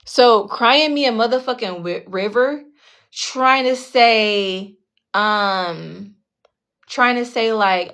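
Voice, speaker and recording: A woman's voice: mid-range voice, slow pace. Blunt, foul-mouthed woman telling a story. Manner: blunt, heavily profane, keeps checking in with listeners; animated, acts out the other people in her story. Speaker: tarot channel host telling a personal story. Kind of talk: casual storytime monologue.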